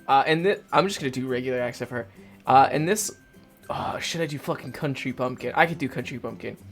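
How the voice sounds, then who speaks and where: A man's voice: mid-range voice, fast talker, fairly bright tone, soft background music. Rambling, swearing gaming host, a man. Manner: rambling, profane, self-mocking. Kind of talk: casual let's play commentary.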